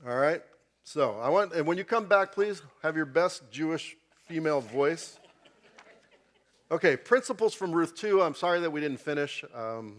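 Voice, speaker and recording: A chatty man leads an informal Bible class in a church and keeps checking in with his listeners. His voice sits a touch high for a man.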